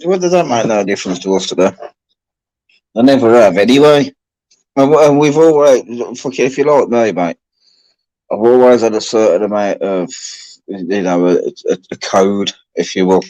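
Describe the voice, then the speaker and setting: A man hosting a livestream chat, rambling and halting with restarts. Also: lowish voice, a little mellow, dry recording, poor audio. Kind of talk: casual chat.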